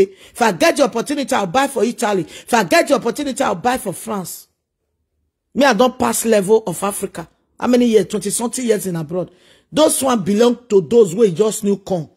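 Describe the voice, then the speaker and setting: A man's voice: extremely high pitch, husky. A man with a Nigerian accent delivering a preachy, scolding monologue full of repeated rhetorical questions. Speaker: social media commentator.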